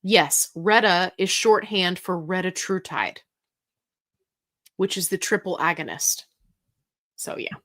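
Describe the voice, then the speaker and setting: A woman's voice: fairly low pitch, takes it slowly, long pauses, fairly bright tone. A woman hosting a casual livestream, reading viewer comments aloud and answering them in a chatty, goofy way. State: getting tired. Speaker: host answering live chat questions.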